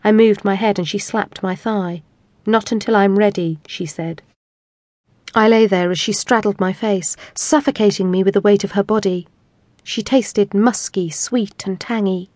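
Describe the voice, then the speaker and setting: A woman narrates an audiobook in the first person, her pitch sitting in the middle range. She reads in a steady, measured way. The recording is dry and close, with no room sound. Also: no echo.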